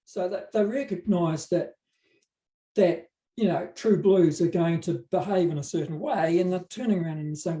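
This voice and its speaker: A man's voice: high voice, moderate pace, mellow. Give me a man preaching a conversational sermon, telling stories with joking asides. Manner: casual storytelling with joking asides. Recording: roomy hall from a distant mic.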